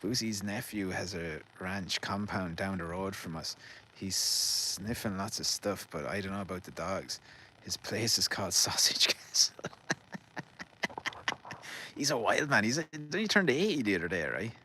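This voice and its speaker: An Irish man with a very low voice rambles through a casual, sweary story in a garden. He laughs easily and trips over names as he goes. There is a faint outdoor hum behind him. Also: lively intonation, a little slow, pushed and bright, rough recording. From Ireland. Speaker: vlogger.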